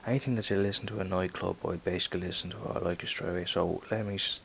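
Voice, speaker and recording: A man's voice: low voice, fairly even intonation, very fast, gravelly, lo-fi sound, slight background noise. A young man with a Dublin accent chatting casually in a vlog, rambling and repeating himself, often tagging on "you know what I mean". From Ireland. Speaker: vlogger.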